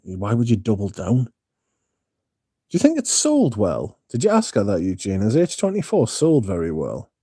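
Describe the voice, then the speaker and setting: Man, low mellow voice, blunt and sweary, rambling livestream chat. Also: wildly swooping pitch, normal speed, slightly rough, no room sound, clean studio sound. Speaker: livestream host reading viewer chat.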